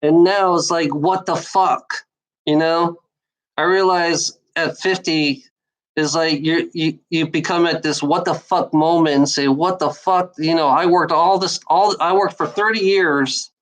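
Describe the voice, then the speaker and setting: A woman's voice: deep voice, steady tone, a little slow, poor audio. A woman in her forties talking in a casual monologue, rambling and repeating herself, swearing a lot, sounding bitter and worn out. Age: 40s. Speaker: vlogger giving life advice.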